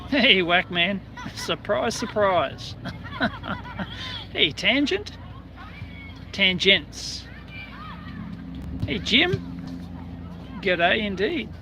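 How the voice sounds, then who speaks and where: A man's voice: high-pitched, very animated, drawn-out words, vocal fry, long pauses, a crowd in the background, background noise. An Australian man hosting a casual outdoor live stream, chatting and greeting viewers by name in a rambling way. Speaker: livestream host.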